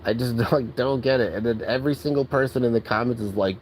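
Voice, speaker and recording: A man's voice: medium pitch, fast, few pauses, slight background noise, low-quality recording. A man ranting angrily and profanely in a casual vlog, exasperated and full of filler words. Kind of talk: angry rant.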